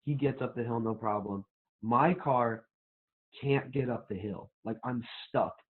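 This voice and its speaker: Young guy, casual podcast guest, rambling and profane, middle pitch, tinny narrow audio. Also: a little slow. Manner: rambling, filler-heavy, profane storytelling. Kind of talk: casual chat. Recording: tinny phone-like sound.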